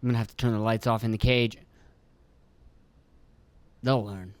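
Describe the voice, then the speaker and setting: A man's voice: on the low side, fairly even intonation, no room sound. Profane, rambling podcast man. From rural Pennsylvania. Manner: profane, joking, acts out his kids and himself in quick voices. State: throat clearing, phlegmy. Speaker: podcast host. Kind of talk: casual rambling monologue.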